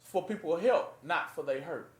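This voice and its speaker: A man with a fairly high voice gives an informal Bible teaching in a plain, conversational way. He keeps asking his listeners to finish his sentences. The sound bounces around a roomy, echoing space. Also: lively intonation, moderate pace. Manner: rhetorical fill-in-the-blank questions to listeners. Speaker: preacher teaching scripture. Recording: echoey room.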